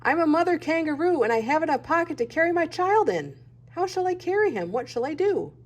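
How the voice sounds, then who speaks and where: A woman's voice: high-pitched, big pitch swings, fast talker, warm tone, husky, voice pushed up, heavily acted. A woman voicing Katy, a worried, tearful mother kangaroo in a picture book. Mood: pleading. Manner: plaintive and emotional.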